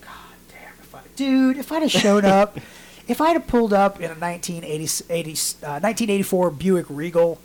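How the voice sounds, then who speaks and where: A man's voice: sits high, fairly quick, a little hiss or hum. A man, likely in his late twenties, telling a story on a podcast in casual, profane chat, acting out voices for the people he quotes. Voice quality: storytelling, animated voices in quotes, swears freely. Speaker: podcast host.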